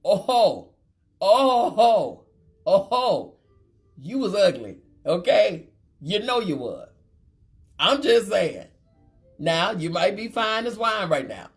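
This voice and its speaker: Taking her time, a deep-voiced woman hosts a live chat show, reading viewer comments aloud with sass and frequent laughter. She's animated throughout, and faint music plays behind her.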